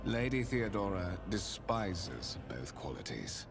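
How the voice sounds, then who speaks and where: An actor playing a courtly, calculating male spymaster in a video game, speaking with formal, measured and faintly menacing courtesy. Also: low-pitched, big pitch swings, vocal fry, exaggerated voice. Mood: grave. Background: game music.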